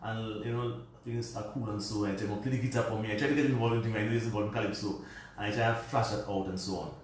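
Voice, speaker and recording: A man's voice: lowish voice, fairly even intonation, fast talker, slight background noise. Man, radio guest, rambling family story, heavy room echo, distant mic. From Dominica. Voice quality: meandering, colloquial storytelling. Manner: puts on his father's voice when quoting him. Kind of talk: personal storytelling in a radio interview. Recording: very roomy recording from a distance.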